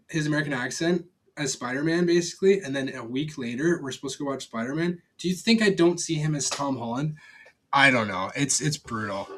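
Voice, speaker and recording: A man's voice: medium pitch, fairly bright tone. A young man giving a casual, rambling film review, blunt and profane, with lots of fillers and restarts. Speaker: movie reviewer.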